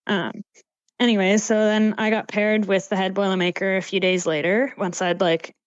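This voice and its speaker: Young woman from Canada, podcast guest, animated casual chat, lo-fi call audio, dry. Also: medium pitch, moderate pace, clear, resonant tone, no room sound. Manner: animated, laughs often, heavy use of "like". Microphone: remote call mic.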